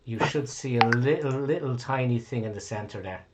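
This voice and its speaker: A man's voice: mid-range voice, a little fast, very noisy. A man running a tabletop game as game master, rambling and correcting himself with casual swearing.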